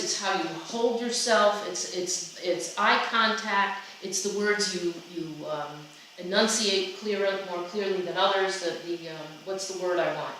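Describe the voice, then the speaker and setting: Woman talking chatty and lively, bright voice, far off mic, faint hiss behind. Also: medium pitch. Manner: chatty, animated, frequent restarts. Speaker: workshop presenter. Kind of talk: conversational seminar talk. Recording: echoey room from a distance with faint noise.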